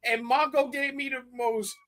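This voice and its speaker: A woman co-hosting a casual podcast, with loud, profane, laughing outbursts. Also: high voice, steady tone, normal speed. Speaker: podcast co-host. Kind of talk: casual chat.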